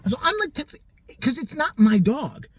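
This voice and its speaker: A vlogger telling a personal story casually, animated, profane and sarcastic, acting out the people in it. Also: high-pitched, moderate pace, slightly rough.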